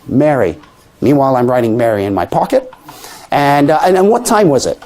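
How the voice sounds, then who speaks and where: A man's voice: mid-range voice, very animated, fairly quick, a little mellow. An older man, a mentalist, lecturing a class on stage technique and acting out little scenes as he tells stories. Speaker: mentalist teaching magic.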